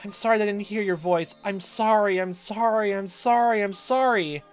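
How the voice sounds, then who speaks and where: A player voicing a guilt-ridden girl sliding into hysterical delusion while reading a visual novel aloud, with shrill, frantic pleading. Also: normal speed, soft background music, lightly acted.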